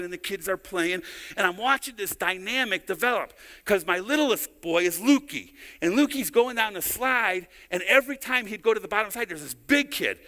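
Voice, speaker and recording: A man's voice: high voice, bright, forceful tone. A middle-aged male pastor preaching a sermon in a church, telling stories conversationally and often repeating words as he goes. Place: church sanctuary. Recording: long hall reverb.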